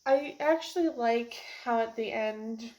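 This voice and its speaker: A woman's voice: fairly high pitch, unhurried, darkish tone, highs cut off. A young woman talking casually about a book she just finished, emotional and rambling, laughing and close to tears. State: teary. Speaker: book reviewer. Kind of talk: casual book review vlog.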